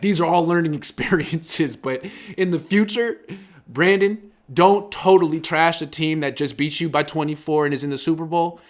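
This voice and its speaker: A man in his thirties hosting a casual sports talk show, animated and acting out quotes in swinging voices. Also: a little high.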